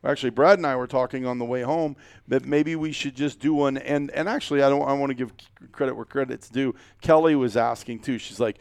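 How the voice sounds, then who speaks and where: Rambling, jokey man with a smooth voice. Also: medium pitch, a little fast, darkish tone, dry recording. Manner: rambling, jokey, many fillers and restarts. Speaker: podcast host. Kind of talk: casual chat.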